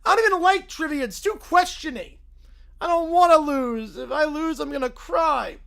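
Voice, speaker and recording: A pouty little cartoon boy whines and complains in a high, strained voice, as a man puts him on. Every line comes out as a sulky protest. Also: moderate pace, vocal fry, fairly bright tone, heavily acted. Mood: whiny. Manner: whining, pouty. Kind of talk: reading a fan script aloud with voices.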